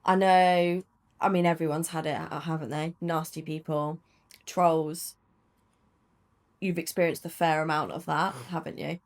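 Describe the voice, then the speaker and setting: A woman hosts a podcast interview and keeps the talk going with encouraging questions. Her voice sits on the lower side. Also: flat delivery, a little slow. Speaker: podcast host. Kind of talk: interview conversation.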